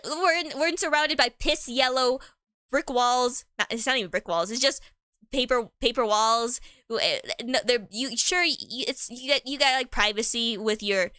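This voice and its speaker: A woman's voice: fairly high pitch, brisk, pushed and bright, clean tone, no room sound, clean studio sound. Giggly, rambling young woman streamer. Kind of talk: improvised role-play chat.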